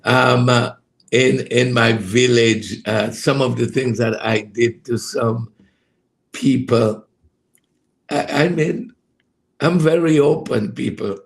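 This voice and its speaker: Slow, gravelly-voiced male devotional host. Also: mid-range voice. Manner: hesitant, many fillers, greets listeners by name, laughs heartily. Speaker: ministry program host. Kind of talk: casual devotional broadcast chat. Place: home studio room.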